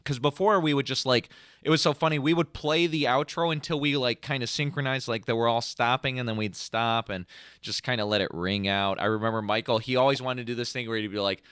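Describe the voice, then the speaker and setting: Animated, rambling young man. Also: mid-range voice, a little fast, clean tone, no room sound, clean studio sound. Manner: rambling and animated, full of "like", mimics riffs with "bum" and "dun" sounds. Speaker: podcast co-host and band singer. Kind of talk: casual chat.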